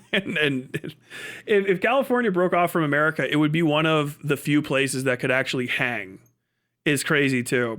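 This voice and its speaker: A man streaming live, ranting in a profane, fast-talking way. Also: on the high side, fairly bright tone, smooth. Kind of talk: casual livestream rant.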